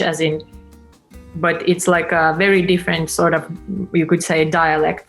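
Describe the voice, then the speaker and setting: Halting woman chatting. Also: low-pitched. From Finland. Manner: halting, many fillers and restarts. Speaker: co-host. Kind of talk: casual chat.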